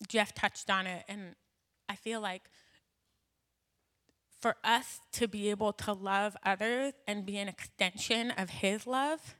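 A woman's voice: mid-range voice, steady tone, slow pace, fairly bright tone. A woman in her thirties speaks to a church gathering in a loose, personal way. She talks with plenty of fillers and an emotional edge. Her tone stays conversational while she shares her testimony.

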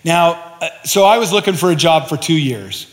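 A pastor telling personal stories in a sermon, acting out the quoted dialogue himself. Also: male voice, expressive, normal speed. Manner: storytelling, acts out quoted dialogue with rising pitch. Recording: reverberant hall.

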